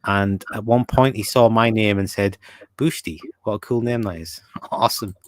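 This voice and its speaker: A man's voice: lowish voice, normal speed, no room sound. A man hosting a casual podcast, reading viewer comments aloud and talking with many fillers and restarts. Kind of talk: casual chat.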